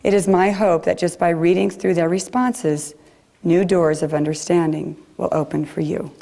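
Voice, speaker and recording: Brief: woman preacher, gentle and reflective, low voice with a mellow tone. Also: fairly even intonation, moderate pace, gravelly. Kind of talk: sermon. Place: chapel.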